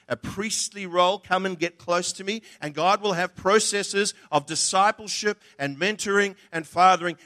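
Bright-voiced man preaching. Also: high voice. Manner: emphatic, acts out quoted voices. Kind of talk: sermon.

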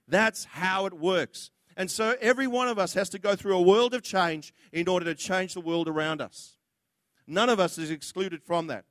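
A man with a high voice preaches a sermon in a blunt, impassioned manner, now and then acting out the words of others. The sound is dry and close, with no room echo.

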